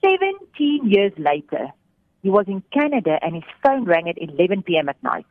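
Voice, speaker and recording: A woman telling a faith story on the radio, animated, giving voice to the people in it. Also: fairly low pitch, quick pace. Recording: thin phone-like radio sound.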